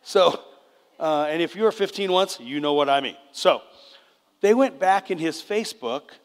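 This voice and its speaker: A man's voice: fairly high pitch, animated, normal speed. An older man giving a conversational sermon as a preacher, often checking in with the congregation. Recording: long reverb of a church hall.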